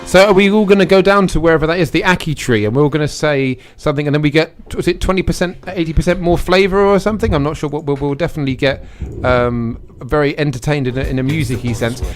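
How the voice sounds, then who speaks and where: A man's voice: fairly high pitch, quick pace, hardly any pauses, faint music behind. A man in his thirties with an English accent, hosting a local radio show in rambling, self-mocking studio chat.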